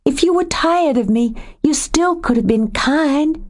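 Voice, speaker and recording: A woman voicing a hurt young woman who confronts her lover in a sharp, raised, accusing voice in an audiobook. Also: high-pitched, lively intonation, a little slow, voice pushed up. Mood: hurt, angry. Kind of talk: audiobook character voice.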